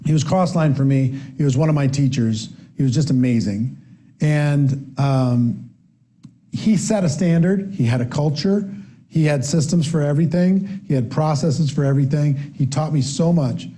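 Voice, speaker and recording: A man's voice: a little high, moderate pace. A man giving a business seminar talk, telling a story with many restarts and acting out what people said. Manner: animated storyteller acting out quotes, frequent restarts. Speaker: seminar speaker.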